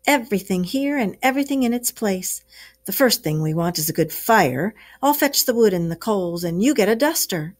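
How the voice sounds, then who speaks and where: A woman voicing a brisk, cheerful male water rat who cheers up and bosses his friend, in a storybook read-aloud. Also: medium pitch, lively intonation, lightly acted. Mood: cheery. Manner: hearty, encouraging, bossy.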